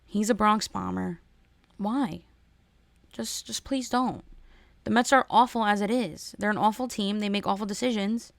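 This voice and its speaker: A woman's voice: medium pitch, moderate pace, vocal fry. Woman host ranting solo, keeps restarting and repeating words, dry no-echo room. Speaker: podcast host. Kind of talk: casual solo rant.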